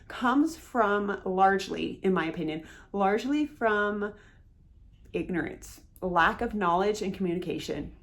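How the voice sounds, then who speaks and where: A woman giving an encouraging instructional talk to camera about asking people to repeat themselves. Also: mid-range voice. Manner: earnest, encouraging, acts out sample phrases. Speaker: hearing-loss educator.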